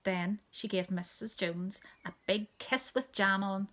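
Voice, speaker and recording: A woman telling a children's story aloud, storybook style. She reads expressively, slipping into a hushed near-whisper for the quieter asides. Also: mid-range voice, steady tone, a little slow.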